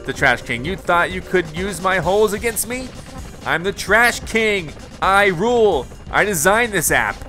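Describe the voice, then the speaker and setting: A man's voice: sits high, expressive, unhurried, bright, forceful tone, pitched above the performer's own voice, exaggerated voice. A man voicing a boastful, gloating male villain king who taunts the heroes, with game music behind. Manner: taunting, crowing.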